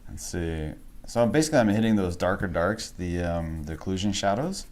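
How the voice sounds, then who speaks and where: Low-voiced man casually talking through a drawing. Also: normal speed. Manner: relaxed, rambling, laughs often, talks to chat. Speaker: art instructor livestreaming a drawing. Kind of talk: casual thinking-aloud drawing commentary. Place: home art studio.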